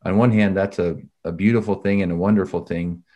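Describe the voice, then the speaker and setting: Low-voiced thoughtful male interviewer. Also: fairly even intonation, muffled recording. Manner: thoughtful, measured, hedges questions. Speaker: podcast host, interviewer. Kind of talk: interview questions.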